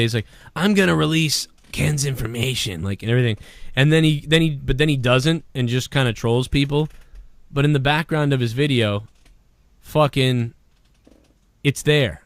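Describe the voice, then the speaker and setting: A man hosting a casual livestream show, rambling and swearing a lot, with a hoarse voice. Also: mid-range voice, normal speed, no echo. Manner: profane, rambling and animated. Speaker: show host.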